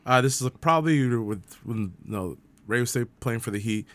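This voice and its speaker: A young man, telling animated stories full of slang and swearing on a casual podcast. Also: mid-range voice, moderate pace, no room sound. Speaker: podcast co-host. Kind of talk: casual chat, storytelling.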